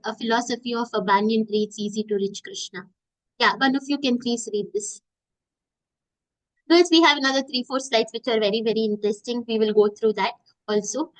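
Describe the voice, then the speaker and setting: Animated woman teaching scripture. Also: a little high, low-quality recording. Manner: animated storytelling, asks the class questions. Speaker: Gita class teacher. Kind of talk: devotional class talk.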